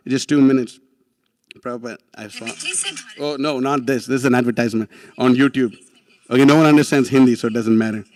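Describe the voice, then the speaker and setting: A young man telling a story in a slangy, excitable way, often laughing, while giving a class. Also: mid-range voice, brisk, long pauses. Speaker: class speaker. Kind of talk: animated storytelling talk.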